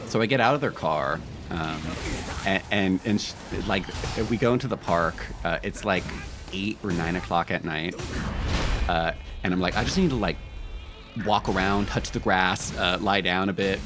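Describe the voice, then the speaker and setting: Deep-voiced laid-back male streamer. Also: a little slow, music in the background. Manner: rambling, laid-back, with frequent fillers and laughs. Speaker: game streamer. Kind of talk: casual live-stream chat and storytelling.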